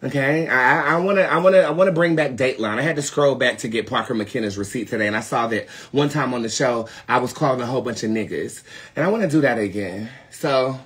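A young man from North Carolina with a Southern accent hosts a live tarot reading show, talking to viewers in a sassy, profane way. His medium-pitched voice has a breathy edge, and he talks fast, swinging from loud to muttered asides.

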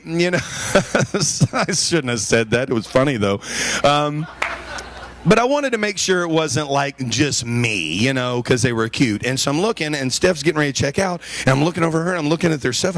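A man's voice: fairly high pitch, fairly bright tone, no echo. A male pastor preaching a sermon, telling personal stories and calling the congregation for amens.

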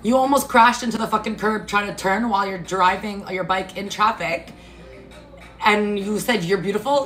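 A woman chats on a phone livestream while she eats, blunt and quick to swear and laugh. Her voice sits at an ordinary pitch. The kitchen sounds roomy and echoey, and soft music plays faintly behind her. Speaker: livestream host. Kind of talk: casual chat while eating.

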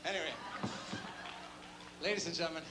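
A man's voice: on the high side, steady tone, a little fast. A male singer joking with his audience between songs, cheeky and self-mocking, a bit tired and catching his breath, in a large showroom. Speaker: singer doing stage banter. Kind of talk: live stage patter with jokes. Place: large casino showroom stage. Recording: noisy live concert recording.

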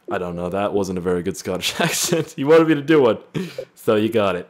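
A man reading fan voice messages aloud and reacting with loud, profane jokes in a casual gaming video. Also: on the low side, expressive, brisk, hardly any pauses. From Canada. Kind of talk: casual gaming vlog commentary.

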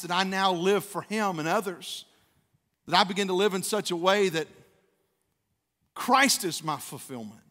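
High-voiced pastor preaching in a reverberant hall. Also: male voice, pushed and bright. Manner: conversational preaching, acts out quotes with rising fervor. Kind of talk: sermon. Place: church sanctuary. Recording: long church hall reverb.

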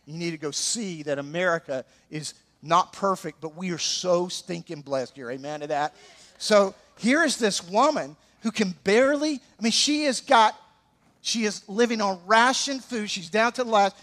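A man with an Alabama Southern accent preaching a sermon as pastor, animated and throwing joking asides to the congregation. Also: sits high, moderate pace.

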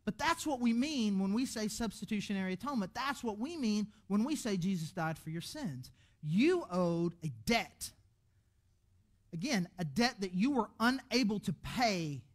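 A man preaching a sermon as pastor in a church, animated and conversational, restarting his words often. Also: high voice, normal speed. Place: church auditorium.

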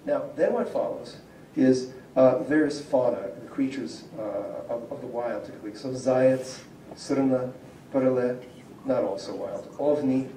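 Male professor lecturing, mid-pitched and mellow, loose and explanatory; recorded from a distance in an echoey room. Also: measured pace. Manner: conversational, explaining and reading out word examples. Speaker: professor of Slavic linguistics. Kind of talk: public lecture. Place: civic centre lecture room. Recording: echoey room, voice from far off, faint hum.

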